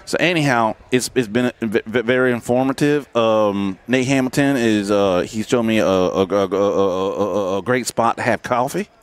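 A man's voice: on the low side, normal speed, few pauses, clean tone. A man hosting a casual live podcast from a racetrack, rambling and joking with lots of restarts. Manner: rambling, joking, many restarts and filler words. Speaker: podcast host. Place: racetrack grandstand overlooking the pit.

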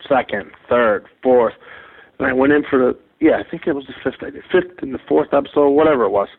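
A comedian calling in as a guest, telling animated, profane anecdotes and acting out the dialogue of others. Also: male voice, medium pitch. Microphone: phone. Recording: tinny phone line.

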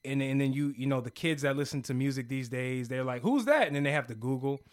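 A man's voice: medium pitch, level tone, clear, resonant tone. A young man co-hosting a podcast, rambling casually about music with lots of slang. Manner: loose, rambling, with slang and quick laughs. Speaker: podcast co-host. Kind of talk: casual music review chat.

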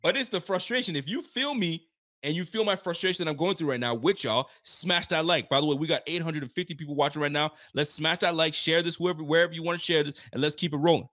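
A young man's voice, on the high side, comes fast, pushed and bright as he hosts a live sports stream. He rants with frustration, swears without holding back and at times mimics the players.

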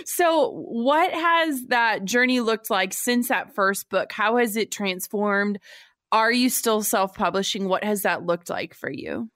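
A woman's voice: mid-range voice, slow, a bit bright, no echo, clean studio sound. A woman in her twenties hosting a podcast interview, affirming her guest and asking several questions in a row. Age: 20s. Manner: affirming, laughs along, asks layered questions. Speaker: podcast host. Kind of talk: casual interview.

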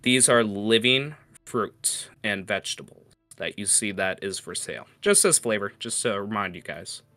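A man with a low, bright, forceful voice runs a tabletop game, pausing often with fillers. The sound is dry and close, with faint music underneath. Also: lively intonation, dry recording. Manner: hesitant, many fillers, laughs often. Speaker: game master.

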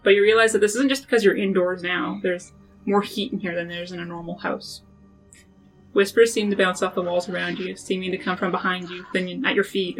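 A woman's voice: on the low side, a bit bright, rough recording. A woman narrating as game master of a tabletop role-playing podcast, describing scenes in an atmospheric way.

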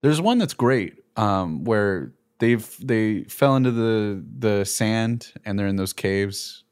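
Low-voiced man ranting about a film. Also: slow, smooth. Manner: animated, sarcastic, laughs often, acts out quotes. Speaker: podcast co-host. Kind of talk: casual movie review chat.

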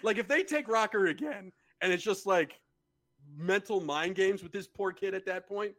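A man co-hosting a podcast, talking in a blunt, exasperated way and swearing freely. His voice sits a little high for a man, and he keeps it loose and conversational. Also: normal speed, a bit bright. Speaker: podcast co-host. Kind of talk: casual chat.

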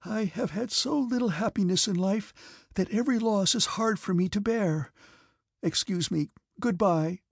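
Gentle young noblewoman, read by a man, raised high and pleading, husky and gravelly. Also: lively intonation, unhurried, dry recording, clean studio sound, full character voice. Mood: pleading, tearful. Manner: trembling, pleading.

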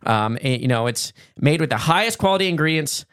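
A man co-hosting a podcast, chatting casually and reading an upbeat sponsor pitch. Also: lively intonation, fairly quick, fairly bright tone, smooth, no room sound, studio quality. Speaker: podcast co-host. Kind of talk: casual chat and sponsor read.

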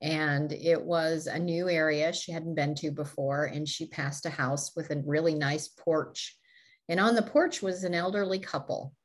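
A woman's voice: low voice, measured pace. A woman co-hosting a motivational talk show, telling stories and laughing often. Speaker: podcast co-host.

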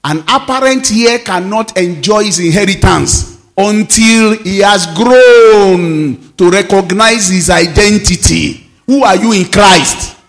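A man, a pastor preaching a sermon with sudden shouts and low, emphatic drops. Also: slow.

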